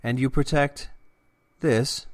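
A man's voice: medium pitch, steady tone, slow pace, no echo, pitched above the performer's own voice, natural voice. A male narrator voicing Ivo, an inquisitive male explorer of minds who asks probing questions in a raised voice. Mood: curious.

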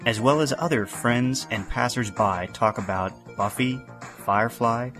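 A man's voice: mid-range voice, measured pace, fairly bright tone, soft background music. A man hosting a podcast, reading an upbeat promo. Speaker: podcast host.

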